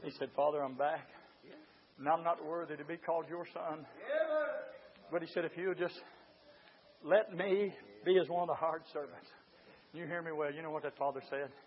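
A man preaching a revival sermon, swinging from hushed talk to shouted exclamations. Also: fairly high pitch, steady tone, moderate pace, pauses often. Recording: dull lo-fi sound.

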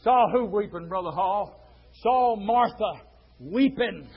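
A high-voiced preacher man shouting. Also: animated, breathy edge, dull audio. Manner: fiery preaching that swings from hushed to shouting, drawn-out words. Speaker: pastor. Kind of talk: sermon.

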